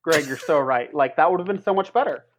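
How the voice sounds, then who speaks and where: A man's voice: a little high, fast talker, a little hiss or hum. A man co-hosting a wrestling podcast in a casual chat, ranting heatedly and swearing as he talks.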